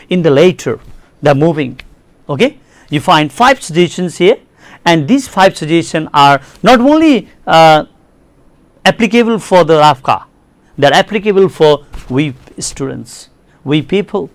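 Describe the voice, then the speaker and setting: A man's voice: on the high side, dry recording. A man with a Nepali accent giving a televised English lesson, repeating key words and addressing his dear students. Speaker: English teacher. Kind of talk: classroom lecture on television.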